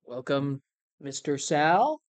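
A woman's voice: deep voice, sing-song, slow. A woman speaking in character in a tabletop game, polite and formal. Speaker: tabletop player. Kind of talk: in-character role-play.

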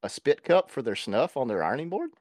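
A man's voice: mid-range voice, a little fast, no echo. A man co-hosting a podcast, chatting casually and joking, sometimes putting on silly voices. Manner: animated, jokey, puts on silly voices. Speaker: podcast co-host. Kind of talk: casual comedic chat.

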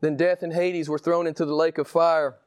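A man preaching a sermon with passion, firing rhetorical questions and swinging widely between slow, emphatic lines and quick ones. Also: level tone. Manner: impassioned preaching, rhetorical questions, big swings in pitch and pace. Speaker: pastor.

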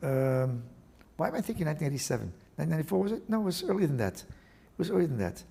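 A man interviewed as a guest, explaining his work in an animated, digressive way with many restarts. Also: fairly high pitch, very fast, vocal fry, breathy edge. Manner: animated, digressive, with frequent restarts and Talmudic terms. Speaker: guest, attorney and index author. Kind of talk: casual interview talk.

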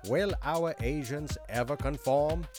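Male sketch narrator, sardonic; slow, lively pitch, faint music bed.

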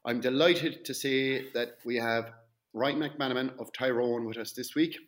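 A man's voice: medium pitch, fairly even intonation, unhurried. A man hosting a casual interview, chatty, asking leading questions and teasing his guest. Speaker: interview host.

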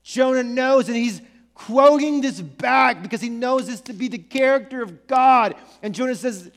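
Male pastor, high voice, lively conversational preaching with joking asides, long church-hall reverb. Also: moderate pace. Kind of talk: sermon.

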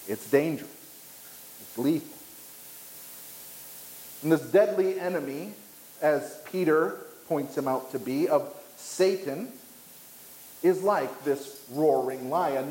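A man preaching a sermon, emphatic, with dramatic pauses and rising pitch on key points. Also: darkish tone, echoey room, a little hiss or hum, low-quality recording. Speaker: pastor. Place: church.

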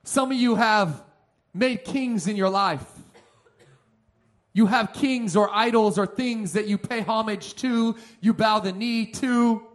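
A man preaching as a pastor, emphatic, swinging between loud passages and soft ones. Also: high-pitched, slow. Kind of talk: sermon.

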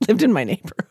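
A middle-aged woman from Oklahoma co-hosts a casual podcast, bawdy and laughing as she acts out quotes. Her husky voice swings wildly in pitch. The sound is dry and close. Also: no echo. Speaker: podcast co-host. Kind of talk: casual chat.

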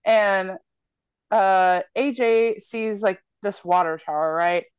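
A woman's voice: medium pitch, slow, clean tone, dry recording. A woman in casual chat, recapping a film plot with lots of swearing and acted-out quotes. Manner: profane, animated storytelling with quoted voices. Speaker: podcast co-host recapping a film.

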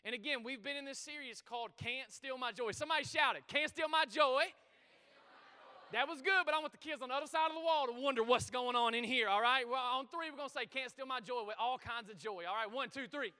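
A man preaching a sermon to his congregation, energetic and full of call-and-response, in a church auditorium. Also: very high-pitched, fast, few pauses, smooth. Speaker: pastor. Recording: reverberant hall.

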